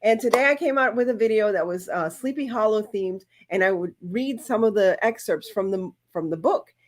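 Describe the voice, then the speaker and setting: A woman's voice: medium pitch, normal speed. A woman hosting a casual craft live-stream, chatting in a rambling, heartfelt way. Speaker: crafting channel host.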